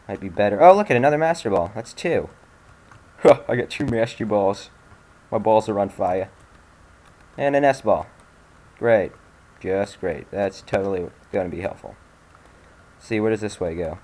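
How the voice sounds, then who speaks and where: Young male let's-play host, slightly low voice, sarcastic, swears a lot, frustrated outbursts, keyboard clicks behind. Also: moderate pace, pauses often, a little mellow. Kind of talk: casual gameplay commentary.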